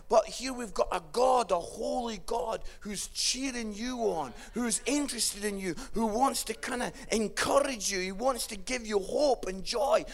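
A middle-aged Scottish man preaching a sermon, telling funny family stories, dropping to a hush, then rising to loud excited shouting. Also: sits high, vocal fry. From Scotland. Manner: humorous storytelling, swings from hushed to shouting.

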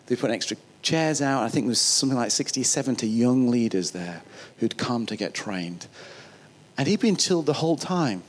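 A man's voice: mid-range voice, lively intonation, moderate pace. A man with a northern English accent, preaching a sermon in a chatty, storytelling way that often restarts phrases. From northern England. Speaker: pastor.

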